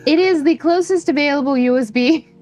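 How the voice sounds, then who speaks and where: A woman's voice: high-pitched, fairly quick, soft background music. A young woman streaming a visual novel, chatting casually and reading the narration aloud with frequent laughs. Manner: chatty, laughs often, reads narration softly.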